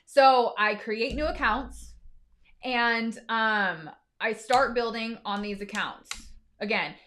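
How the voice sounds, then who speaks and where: A young adult woman speaks on a live stream with a slightly high voice. Her talk is raw and emotional, blunt and peppered with swearing, like a business coach baring the hard parts. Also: slow pace, fairly bright tone. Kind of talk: candid live stream monologue.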